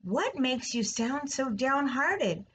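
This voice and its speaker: A woman's voice: high-pitched, expressive, takes it slowly, a little hiss or hum, pitched above the performer's own voice, poor audio. A woman voicing an innocent, eager young male pig in a storybook read-aloud, asking earnest questions. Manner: wide-eyed, earnest questions.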